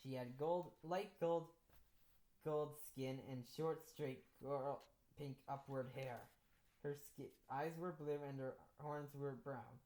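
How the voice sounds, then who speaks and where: Low-voiced woman reading her own story. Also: steady tone, mellow, rough recording. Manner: halting, frequent restarts. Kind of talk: storybook read-aloud.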